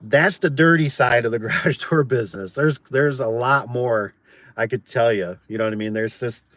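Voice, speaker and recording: A man's voice: mid-range voice, moderate pace, a bit bright, no echo. A man who runs a garage door business, telling a work story in a casual, chatty way and often adding "like" and "right?". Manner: chatty, tosses in "like" and "right?", acts out quoted voices.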